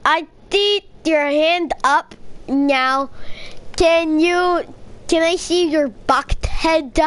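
A young woman playing a video game with a friend, bossing and joking in a playful role-play with shouty outbursts. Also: sits high, extremely slow.

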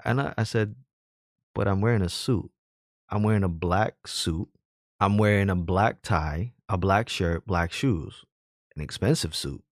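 A man talks straight into a dry, close mic with a low voice. He argues earnestly and builds his case from personal stories, pressing each point with rhetorical questions. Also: unhurried, no echo. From Jamaican heritage, raised in the hood. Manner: earnest, argumentative, tells personal anecdotes. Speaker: commentator. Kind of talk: opinionated personal commentary.

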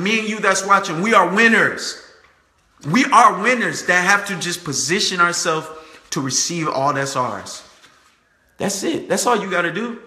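A man's voice: a little high, bright, forceful tone. A young man giving a fervent, preachy motivational talk to camera, repeating his points and calling his viewers "guys.". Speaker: motivational speaker. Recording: echoey room.

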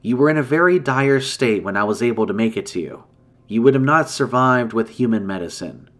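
A man's voice: on the low side, a bit bright, natural voice. A man voicing a solemn ancient dragon woman. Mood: grave. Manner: solemn, measured, formal speech. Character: ancient grave female dragon in human form. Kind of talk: storytelling.

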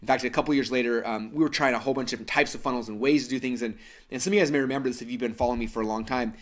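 A man's voice: mid-range voice, steady tone, very fast. A man in his thirties from Idaho hosting a live webinar, telling a story with lots of fillers and restarts. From Idaho, United States. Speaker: webinar host.

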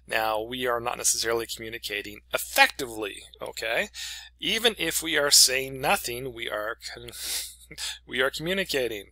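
A man's voice: mid-range voice, expressive, normal speed, bright, forceful tone, no room sound, rough recording. A middle-aged man, an English professor, giving a chatty, casual lecture full of stories and "okay?" check-ins.

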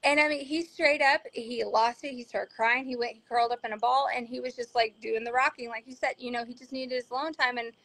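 A woman's voice: a little high, fairly even intonation, a bit bright. A woman, a mother, talking earnestly in a casual discussion and acting out quotes now and then. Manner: earnest, quick to act out quotes. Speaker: parent guest.

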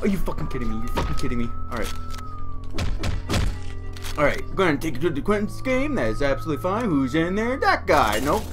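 A woman hosting a let's play, loudly swearing and shouting at the game in excitable outbursts. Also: low-pitched, brisk, long pauses, loud music behind the voice. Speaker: gaming channel host.

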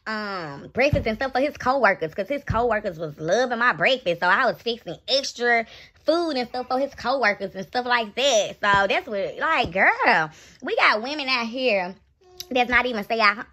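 A woman's voice: a little high, sharp tone. A young woman ranting bluntly and profanely in a raw live reaction vlog, mocking and scolding. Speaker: reaction vlogger.

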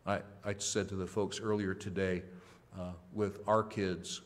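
A male pastor preaching a sermon with emphasis, swinging between loud, high rises and quiet, low drops. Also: flat delivery, unhurried, in a large hall. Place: church sanctuary.

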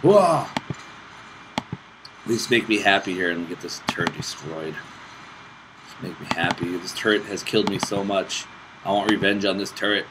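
A man's voice: deep voice, moderate pace, long pauses. A man giving casual gameplay commentary as host of his gaming channel, frustrated and cursing at the game. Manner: frustrated, swearing and muttering at the game. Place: hot room at home. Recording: noisy home recording with clicks.

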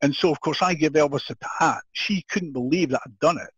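An older man from Scotland with a Scottish accent, a podcast guest telling an animated story with frequent laughter and restarted sentences. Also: fairly high pitch, fairly quick, breathy edge, no room sound. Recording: dull, dry lo-fi audio.

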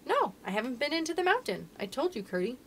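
A woman voicing a sweet, eager young princess girl in a storybook reading, speaking high and breathless with excitement. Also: fast talker, background noise.

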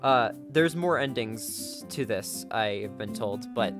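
A man giving let's play commentary as a gaming video creator, excitable, gasping and chatting to his viewers. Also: mid-range voice, slow pace, loud music behind the voice.

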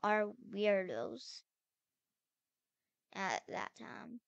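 A woman's voice: medium pitch, big pitch swings, very slow, creaky, dry recording, lo-fi sound. A young woman narrating her character in a role-play game, anxiously calling out while she searches for her missing sister.

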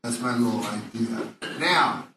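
Crude rambling comic guy, bootleg club tape, echoey room, loud crowd and noise. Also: medium pitch, unhurried, far from the mic. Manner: rambling, crude and meandering, with trailing asides. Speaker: stand-up comedian. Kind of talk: stand-up comedy set. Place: comedy club stage. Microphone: audience bootleg recording from far off. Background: loud audience laughter and noise.

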